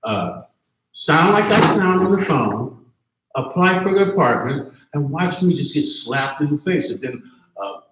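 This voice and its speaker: A man in his fifties speaks up passionately from the audience, cursing and pressing his point. His voice sits a little high and swings widely in pitch. He is picked up in a strongly echoing hall. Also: sing-song, a little slow, fairly bright tone, a little hiss or hum. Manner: passionate, profane, keeps asking "you see what I'm saying". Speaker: audience member at a campus panel. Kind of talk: impassioned spoken comment. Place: campus event hall. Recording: very echoey live room.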